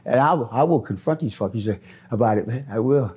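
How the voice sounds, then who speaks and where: A man's voice: medium pitch, lively intonation, a little fast, slightly rough, lo-fi sound. A middle-aged man from Minnesota answering interview questions on the street, rambling, repeating himself and often ending with "man.".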